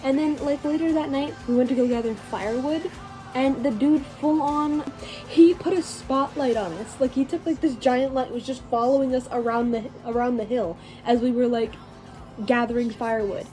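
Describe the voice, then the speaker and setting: A woman's voice: sits high, moderate pace, mellow, faint music behind, low-quality recording. A teenage girl narrating her vacation vlog in a rambling, chatty way, full of fillers and restarts. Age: teens. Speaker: vlogger. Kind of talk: casual voice-over storytelling.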